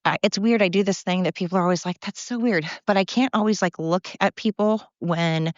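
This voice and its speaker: Fairly quickly and in a low voice, a winded podcast host from Oregon rambles into her phone while walking her dogs outdoors beside a river. She's blunt, swears freely, and keeps drifting off topic. The audio is dry and dull.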